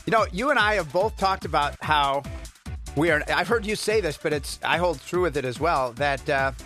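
A man's voice: a little high, lively intonation, normal speed, sharp tone, soft background music. A man hosting a radio show, chatting in an easygoing way with a caller and a co-host. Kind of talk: casual radio chat.

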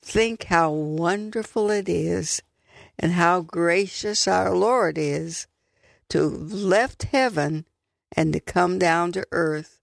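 Earnest woman radio Bible teacher, unhurried delivery with a gravelly edge. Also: on the low side, no echo, studio quality. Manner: warm, earnest, emphatic on key words. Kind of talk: devotional radio talk.

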